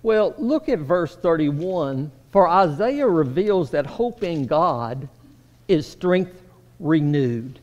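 A man preaching a sermon, swinging between raised, emphatic lines and hushed, low passages. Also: very animated, slow, dull audio. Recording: long reverb of a hall.

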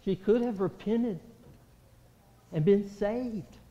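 A man preaching a sermon, impassioned and pleading, swinging from loud outcries to hushed, low passages. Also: slow. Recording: reverberant hall, dull lo-fi sound.

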